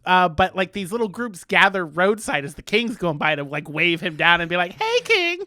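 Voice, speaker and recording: A man's voice: high-pitched, moderate pace, pushed and bright, no echo, studio quality. A man co-hosting a podcast, casually recapping a TV episode with many ums and uhs. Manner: filler-heavy storytelling, many ums and uhs. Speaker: podcast co-host.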